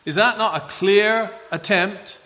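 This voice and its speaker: A man preaching a sermon, animated and acting out the voices of the figures in his text. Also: high voice, takes it slowly, long reverb tail.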